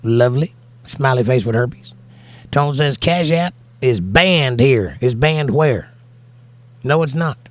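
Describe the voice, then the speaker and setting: He's an American streamer on a relaxed broadcast, going through viewer comments out loud and answering them despite being tired from not sleeping. His medium-pitched voice moves slowly but with lively intonation, and there's no echo.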